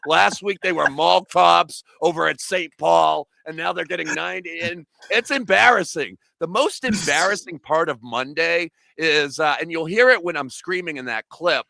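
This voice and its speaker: A man, an activist guest, talking in a loud absurdist comedic way on a remote call, often breaking into shouted bits. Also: on the high side, creaky. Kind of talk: comedic interview chat.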